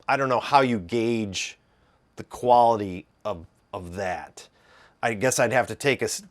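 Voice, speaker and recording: A man with a Midwestern accent talking casually about gear, rambling with fillers and restarts. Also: on the low side. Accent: Midwestern American. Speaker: guitar video host. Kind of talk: casual explanatory talk.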